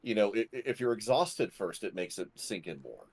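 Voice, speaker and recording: A man who is a guest activist on a podcast, explaining ideas in a measured way. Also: fairly low pitch, very animated, darkish tone, breathy edge. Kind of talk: interview talk.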